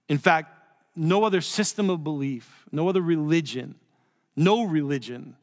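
Male pastor, a bit high-pitched, chatty sermon delivery, long reverb of a church hall. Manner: conversational preaching with joking asides, dropping soft for emphasis.

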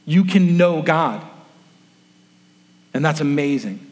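Pastor preaching in a reverberant hall. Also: male voice, fairly high pitch, animated, takes it slowly. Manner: storytelling, acts out quoted voices. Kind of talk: sermon. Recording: long reverb of a large room.

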